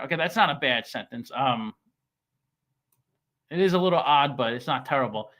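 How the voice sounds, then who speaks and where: A man hosting a casual stock commentary channel, talking with halting restarts and plenty of fillers. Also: fairly high pitch, lively intonation, a bit bright. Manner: reads scam email aloud mockingly. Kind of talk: casual chat.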